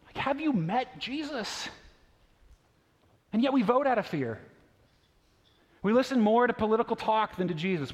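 Male pastor, 30s-40s, high voice; casual, story-driven sermon full of questions; recorded in a big reverberant sanctuary. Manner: conversational storytelling with rhetorical questions. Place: church sanctuary. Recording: long reverb of a large church hall.

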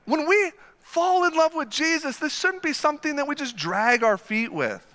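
Young guy preaching, high bright voice, lots of energy, big echoey church hall. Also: normal speed. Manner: energetic storytelling, swings from low asides to loud excited bursts. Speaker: pastor. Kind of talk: sermon.

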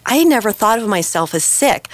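A woman's voice: medium pitch, expressive, normal speed, no echo. A woman guest in a radio studio, telling her personal story with passion and emotion.

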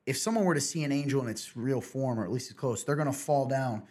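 A husky-voiced man, host of a casual podcast, telling a story. He rambles and restarts his sentences, with a slightly breathy edge on his words. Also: medium pitch, fast talker, darkish tone.

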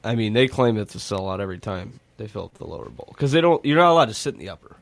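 A man's voice: on the low side, sing-song, vocal fry, dry recording. A man co-hosting a sports radio show, talking casually and pushing back hard in arguments. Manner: argumentative, quick to push back.

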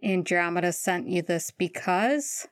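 A woman's voice: fairly low pitch, measured pace, dry recording, close to an everyday voice. A woman reading a wry, bookish teenage wizard boy. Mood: dry. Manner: dry, teasing.

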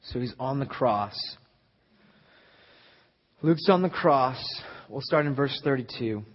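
Husky preacher in a reverberant hall. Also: male voice, mid-range voice, animated, slow. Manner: emphatic, rising to a near-shout at climaxes. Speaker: pastor. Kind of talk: sermon. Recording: dull lo-fi recording in a reverberant hall.

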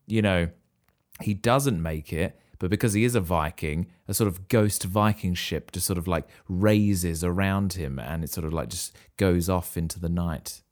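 A man, co-hosting a casual chat, excitable and given to wild guesses and sudden high exclamations. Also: moderate pace. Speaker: podcast co-host.

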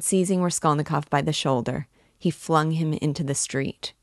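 A woman reading a classic novel aloud in measured, deliberate narration. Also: low-pitched, fairly even intonation, dry recording, clean studio sound. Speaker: book reading guide. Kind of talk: audiobook-style literary reading.

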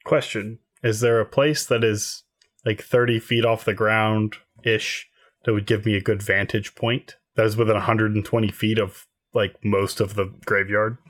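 A man playing a tabletop game in a deadpan, matter-of-fact way. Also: fairly low pitch, normal speed. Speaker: player.

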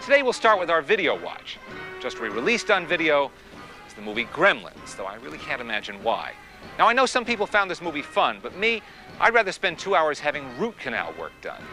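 An actor playing a snooty male TV film critic who sneers and then yells in alarm, in a film scene. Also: a little high, wildly swooping pitch, brisk, heavily acted. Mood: sneering. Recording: film soundtrack with faint music.

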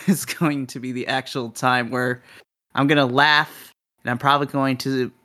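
A man running a tabletop game session as game master, enthusiastic and quick to laugh. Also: fairly high pitch, sharp tone.

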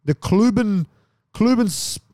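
A young man chatting casually as a podcast co-host, swearing often and retelling stories in an animated way. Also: sits high, slow, dry recording, clean studio sound. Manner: swears a lot, animated storytelling. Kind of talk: casual chat.

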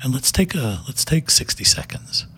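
A man putting on a slow, quiet and gentle older male children's television host. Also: medium pitch, big pitch swings, husky, pitched above the performer's own voice, full character voice.

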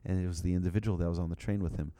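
This man's voice sits low, with a steady, mellow tone. As a religious teacher telling a story to an audience, he talks in a halting, conversational way, with restarts and gentle asides to the crowd.

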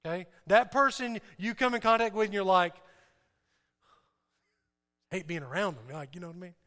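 A man's voice: high voice, fairly quick, sharp tone. A man preaching a sermon, emphatic, asking his listeners questions and repeating key points. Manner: emphatic, asks the audience questions. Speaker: pastor. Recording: reverberant hall.

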